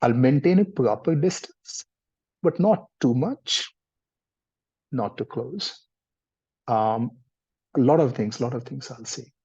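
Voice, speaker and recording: Man, counseling trainer; gentle, explanatory delivery, warm husky tone. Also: mid-range voice, takes it slowly, pauses often. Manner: gentle, explanatory, mixes in Hindi words. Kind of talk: explaining in a live workshop. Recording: dull lo-fi sound.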